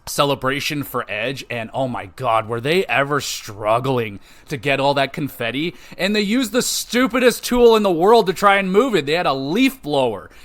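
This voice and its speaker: A man hosts a podcast in a casual, gushing recap full of swearing. His voice is bright and forceful. He sits a little higher than most men. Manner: excitable, profane, gushing fan. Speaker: podcast host.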